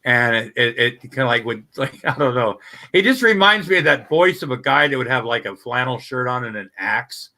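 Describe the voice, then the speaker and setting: A man's voice: mid-range voice, expressive, normal speed, sharp tone. A man hosting a livestream, telling rambling stories full of fillers and swearing in casual chat. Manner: rambling storyteller, lots of fillers. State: stoned.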